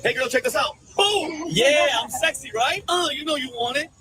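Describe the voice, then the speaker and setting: A squeaky, rowdy wild animal bro. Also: male voice, normal speed, bright, forceful tone, soft background music, rough recording. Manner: rowdy, brash slang. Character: rowdy foul-mouthed male wild animal, bro-talking. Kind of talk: comedy clip.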